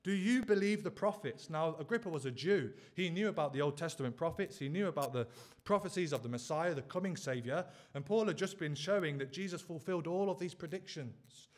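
A male preacher delivering a sermon in a voice sitting a little higher than most men's. He drives his point home with earnest rhetorical questions, leaning on each one. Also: a little fast.

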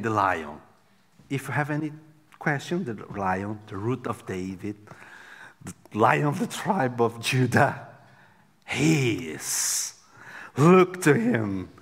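Preaching slowly in a hall, this high-voiced male pastor shifts dramatically between loud outbursts and near-whispers during his sermon. A long reverb from the hall trails his words.

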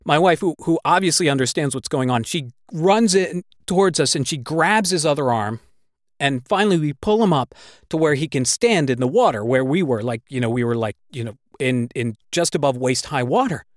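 A man's voice: on the high side, lively intonation, moderate pace, dry recording, studio quality. Swearing man telling a dramatic story. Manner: swears constantly, breathless retelling; emotional, gets worked up. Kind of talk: personal storytelling.

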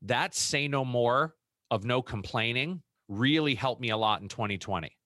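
A middle-aged man co-hosting a podcast in casual chat, reflective and unhurried, laughing easily. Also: mid-range voice, expressive, sharp tone, no room sound, clean studio sound. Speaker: podcast co-host.

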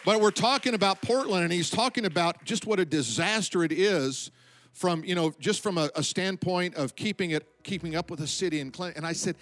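A pastor preaching a sermon with emphatic delivery, slowing down to stress points and dropping his voice at the ends of lines. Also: sits high, fairly bright tone, faint music behind.

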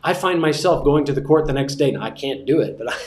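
Male instructor teaching preaching, easygoing and wry, repeats key phrases, mid-pitched voice, roomy classroom sound. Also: expressive, fast talker. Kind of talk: teaching a class on sermon delivery.

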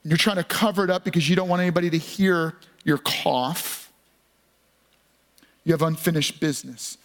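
A male pastor delivers an earnest, emphatic sermon, slowing down to lean on key phrases. His voice is fairly high and a bit bright, with fairly even intonation.

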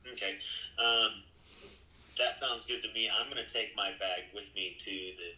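Low, bright-voiced male player, echoey room. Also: fairly even intonation, a little slow. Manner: brief, agreeable replies. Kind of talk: tabletop game play.

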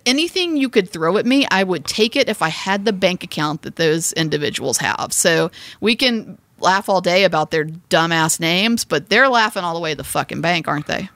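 A woman's voice: on the low side, fairly bright tone, dry recording. A woman co-hosting a comedy podcast, riffing in casual chat with emphatic, profane asides. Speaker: podcast co-host.

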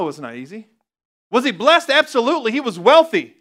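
A man preaching a lively sermon as pastor, reading scripture aloud and laughing at himself now and then. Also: extremely high pitch, fast talker. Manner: energetic, reads scripture aloud and laughs at his own stumbles.

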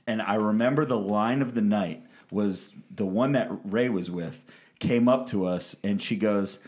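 A man's voice: fairly low pitch, moderate pace, a little mellow. Male podcast host, casual crude banter, reads listener mail, swears freely. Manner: loose, profane, laughs often.

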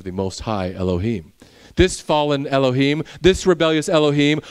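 A young man delivers a sermon as a pastor, weaving a personal story into his message. His voice sits a little high for a man, and his preaching builds into intense, emphatic delivery. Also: moderate pace, clean tone.

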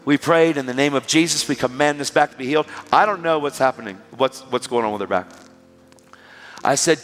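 Animated preacher man in a hall. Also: mid-range voice, fairly quick. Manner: animated, emphatic, exhortative. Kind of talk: sermon with storytelling. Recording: reverberant hall with music behind.

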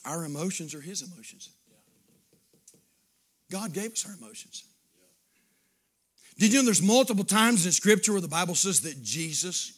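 A man pastor, preaching a sermon that swings from shouted fervor to hushed pleading in an altar call. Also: sits high.

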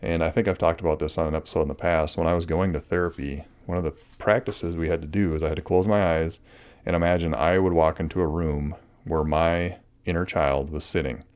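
A man's voice: low voice, steady tone, fairly quick, a little mellow, clean tone. A middle-aged man hosting a solo advice podcast, talking earnestly and casually with many restarts and fillers. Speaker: podcast host.

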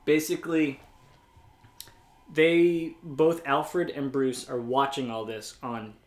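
A man's voice: mid-range voice, steady tone, slow. Chatty man in an echoey room. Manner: chatty, asks questions, swears casually. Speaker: co-host recapping a film. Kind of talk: casual chat.

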